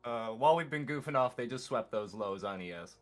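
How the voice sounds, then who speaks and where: A man's voice: mid-range voice, expressive, a little fast, faint music behind. A man on a trading livestream, joking dryly and calling out market timings. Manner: dry, joking, gives market time calls. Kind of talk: casual chat.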